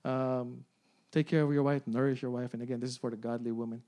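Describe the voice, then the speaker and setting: A man's voice: medium pitch, level tone, fast talker, mellow. A man in his forties preaching a sermon, often repeating phrases, asking the congregation "amen?" and "right?", and laughing along. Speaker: pastor.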